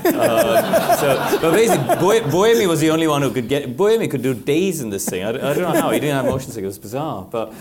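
A man's voice: mid-range voice, very fast, hardly any pauses, a crowd in the background. A middle-aged man, a former racing driver, telling anecdotes on a live panel and laughing often. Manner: animated storytelling, laughs often.

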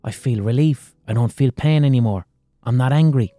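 A man's voice: medium pitch, normal speed, dark tone, no room sound, faint music behind, lightly acted. A man voicing a blunt, swearing male lion in a retold fable. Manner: blunt, swearing, matter-of-fact. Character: gruff male lion, sore then friendly.

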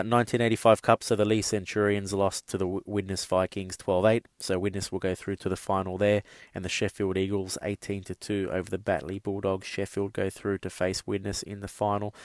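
A man's voice: low voice, dry recording. A man hosting a podcast, giving a casual sports news rundown full of fillers and asides to listeners. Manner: chatty, many uh fillers, addresses listeners as guys. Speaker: podcast host.

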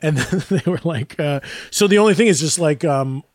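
A man with a somewhat high voice co-hosting a casual podcast, rambling along in a self-deprecating way and laughing through his own stories. The sound is dry and close, with no room echo. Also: brisk, a little mellow. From Greek heritage. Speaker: podcast co-host. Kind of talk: casual chat.

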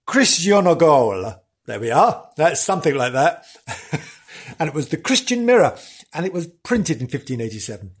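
A podcast host telling a history tale in a theatrical, gossipy, mock-dramatic way. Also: male voice, a little high, husky. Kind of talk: comic storytelling.

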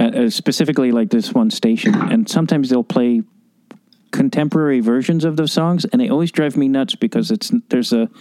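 A man's voice: mid-range voice, darkish tone, no room sound. A man interviewing a guest in a casual, wry chat, loose with swearing. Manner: wry, casually profane, laughs while talking. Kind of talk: casual conversation.

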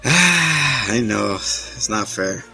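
A man hosting a casual podcast recap, laughing often and acting out scenes in quick voices. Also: mid-range voice, expressive, vocal fry, pushed and bright, soft background music. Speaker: podcast host.

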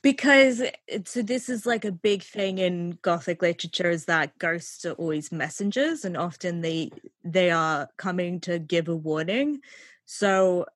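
A woman co-hosting a podcast in casual film chat, animated, laughing often and trailing off mid-sentence. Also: on the low side, a little slow, no echo, clean studio sound. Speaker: podcast co-host.

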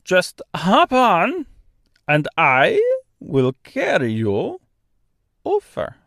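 A giant stork with a thick Austrian-French accent. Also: male voice, sits high, huge pitch swings, very slow, creaky, a bit bright, no room sound, clean studio sound, voice pushed up, full character voice. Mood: eager. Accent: mixed Austrian and French. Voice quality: thick, grand. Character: huge kind-hearted male stork, pompous.

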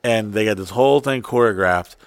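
A man's voice: on the low side, fairly quick, no room sound. A man telling stories in casual chat, swearing often and acting out the people he quotes. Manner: profane, animated, acts out quotes.

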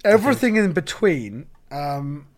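A podcast co-host chats casually, often tripping over his words and starting again. His voice sits slightly high for a man. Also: very animated, a little slow, darkish tone. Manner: hesitant, stumbling restarts. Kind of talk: casual chat.

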